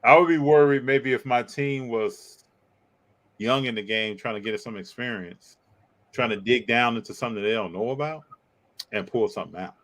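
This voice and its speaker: A man's voice: normal speed, poor audio. Man, live-stream co-host, casual and teasing, mid-range voice. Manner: animated, teasing, pitch jumps up when joking. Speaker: co-host reading live chat.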